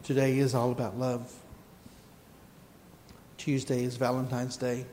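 Man preaching softly in an echoing hall. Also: medium pitch, monotone, a little hiss or hum. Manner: soft, slow, then rising to fervent emphasis. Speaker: pastor. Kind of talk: sermon. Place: church sanctuary.

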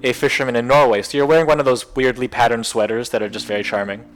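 A man's voice: medium pitch, fairly even intonation, quick pace, soft background music. A man co-hosting a podcast, talking casually as a rambling storyteller who laughs often and adds playful asides. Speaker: podcast co-host. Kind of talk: casual chat.

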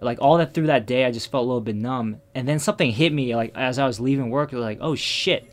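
A man in casual conversation, telling a personal story in a subdued, reflective way, full of restarts and fillers that trail off quietly. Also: mid-range voice, fast.

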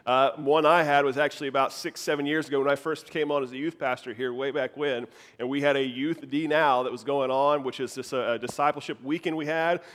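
A man in his thirties, a youth pastor, preaching a sermon and telling a lively story about himself, laughing at his own mishaps. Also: medium pitch, brisk.

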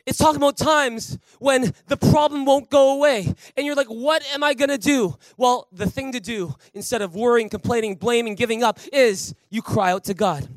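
A male pastor with a fairly high voice delivers a lively sermon, acting out the people in his stories. The sound is close and dry, with little room echo. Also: normal speed, hardly any pauses. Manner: animated storytelling with acted quotes. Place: church sanctuary.

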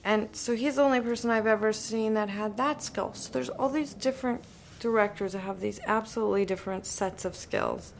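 Woman actor chatting about her work, gravelly fry in her voice, lively storyteller. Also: medium pitch, a little fast, few pauses, slight background noise. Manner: animated, acts out remembered dialogue. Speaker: actor and director guest. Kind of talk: reflective conversational storytelling.

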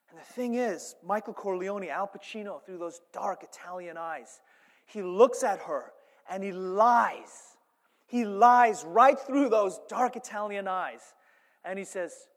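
A male pastor delivers a sermon in an animated storytelling manner, dropping to hushed asides and rising to loud, emphatic points. His speaking voice sits high for a man. A long reverb rings through the church hall. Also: unhurried.

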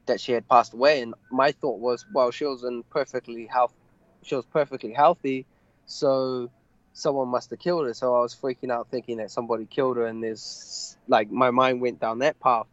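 A young fighter tells his story in an interview, stopping and restarting often with fillers. His voice sits at an everyday middle pitch. The recording is dry and a bit dull, with no room sound. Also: fairly even intonation, no room sound. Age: young adult. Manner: halting, many fillers and restarts. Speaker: MMA fighter guest.

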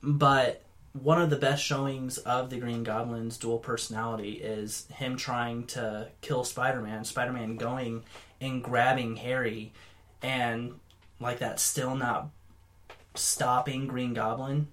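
A man's voice: medium pitch, little pitch movement, takes it slowly, fairly bright tone. A man in casual podcast chat, earnest and hesitant, full of ums and uhs. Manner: hesitant, filler-heavy, earnest.

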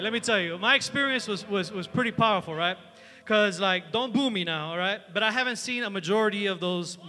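A man giving a youth sermon in a large hall with an audience, telling a story in a chatty, energetic way full of fillers. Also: high-pitched. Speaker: youth preacher.

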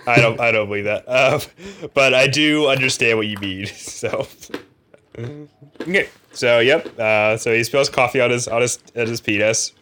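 A man co-hosting a book podcast in an easy, casual chat. His voice is bright and forward, and he jokes, laughs often and trails off into fillers. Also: mid-range voice, normal speed. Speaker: podcast co-host. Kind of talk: casual chat about a novel.

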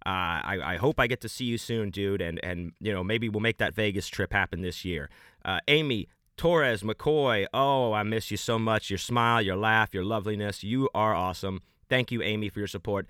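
A man hosting a podcast, giving loose, rambling, enthusiastic shout-outs to supporters in casual talk. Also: fairly low pitch, moderate pace, clear, resonant tone, dry recording, clean studio sound. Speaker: podcast host.

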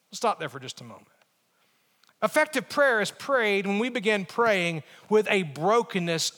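A middle-aged pastor preaching earnestly. His voice sits fairly high for a man, and he leans on key words with deliberate pauses. A long reverb trails his words through the church. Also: big pitch swings, fairly bright tone. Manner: earnest, emphatic preaching with pauses and repeated phrases. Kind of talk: sermon.

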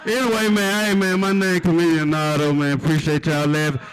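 A man, doing a profane stand-up set at an open mic and punching lines with loud outbursts. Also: a little high, flat delivery, a little fast, clear, resonant tone, poor audio. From Mississippi, USA. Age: 30s. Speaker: stand-up comedian. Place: open mic stage in a live venue.

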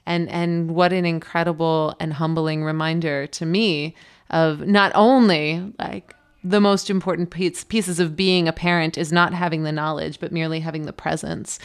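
A woman pastor, around thirties, speaks with a somewhat low voice that carries a gravelly fry. She tells personal stories earnestly and reflectively, in a casual faith conversation. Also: normal speed. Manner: earnest, storytelling, animated quotes.

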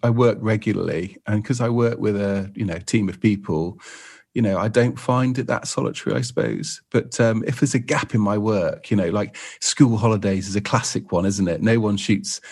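A man's voice: fairly low pitch, moderate pace, vocal fry, darkish tone, slightly rough. A man, a photographer guest on a podcast, chatting in a rambling way with lots of fillers. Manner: rambling, lots of "you know". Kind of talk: casual podcast chat.

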